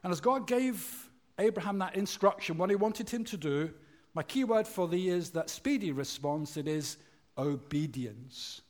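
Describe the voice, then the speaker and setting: A man preaching a sermon, telling a story with acted-out voices and letting his phrase ends drop low and quiet. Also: moderate pace. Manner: tells a joke story acting out voices.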